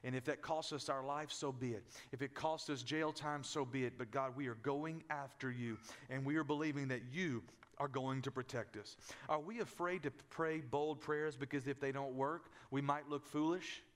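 A man's voice: medium pitch, moderate pace. A man preaching a sermon, building intensity through repeated cadences and rhetorical questions. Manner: preaching with rising and falling intensity, repetitive cadences. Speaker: pastor.

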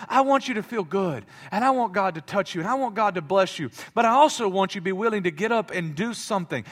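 A male pastor in his thirties preaching a sermon, swinging between loud impassioned preaching and soft confiding talk, with many stammering restarts. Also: sits high, animated, fast, hardly any pauses.

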